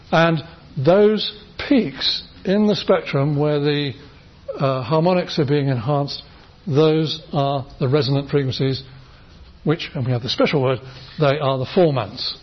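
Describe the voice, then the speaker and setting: On a dull, lo-fi lecture recording, a middle-aged man with a high-ish, breathy-edged voice lectures a university class. He's eager and talkative, restarting his sentences often as he works through demonstrations.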